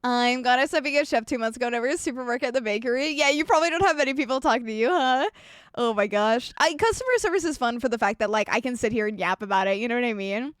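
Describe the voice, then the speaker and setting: Young woman streamer, high and dry-sounding, foul-mouthed and animated, reads her chat. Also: fast talker, smooth, no room sound. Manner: animated, swearing, ranting storyteller; reads and answers chat messages. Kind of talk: casual live-stream chat.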